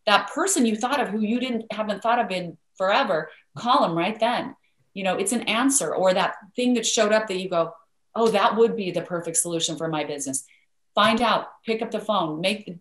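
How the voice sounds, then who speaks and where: A woman from the United States, a guest author giving earnest, instructive motivational advice, repeating words for emphasis. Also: mid-range voice. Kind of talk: motivational coaching talk. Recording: roomy echo.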